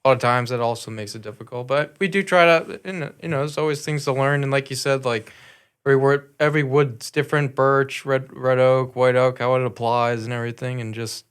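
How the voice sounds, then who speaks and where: Young guy with a smooth clear voice, halting and earnest on a podcast. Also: medium pitch, fairly even intonation, fairly bright tone. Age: young adult. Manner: earnest, halting, many fillers. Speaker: podcast guest. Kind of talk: casual podcast conversation.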